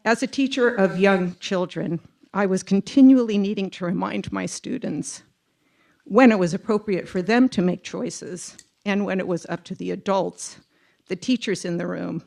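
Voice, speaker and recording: A woman in her sixties speaks in an earnest, emotional voice, pitched somewhat low and edged with gravel. She reads a prepared public comment at a committee meeting, now and then pausing on an um. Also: a little mellow. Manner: earnest, emotional, with filler ums. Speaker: public commenter, retired teacher.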